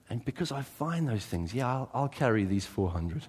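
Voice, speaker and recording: A man preaching a sermon as a pastor, animated, swinging from loud exclamations to quiet asides. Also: mid-range voice, normal speed, hardly any pauses, slightly rough. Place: church. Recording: reverberant church hall.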